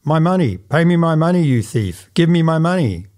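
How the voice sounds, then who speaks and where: Man voicing Rapp, a shrill greedy old landlord. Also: sing-song, moderate pace. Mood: shouting. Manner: loud and accusing. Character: greedy old male landlord, grasping and vulgar.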